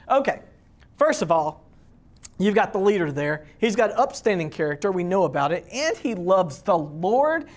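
A man delivers a sermon in a relaxed, conversational manner. He talks to the congregation directly and asks them questions as he preaches. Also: high-pitched. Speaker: pastor.

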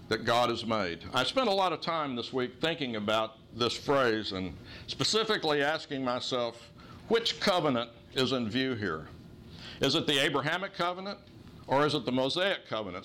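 A man teaching a Bible study class, explaining the passage in a measured, explanatory way. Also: medium pitch, sharp tone, slight background noise.

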